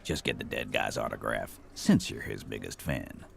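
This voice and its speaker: Man doing a hostile dock thug, very deep gravelly voice, slow mocking drawl. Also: expressive, slight background noise, exaggerated voice. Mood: sneering. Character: sneering, hostile male dockworker thug.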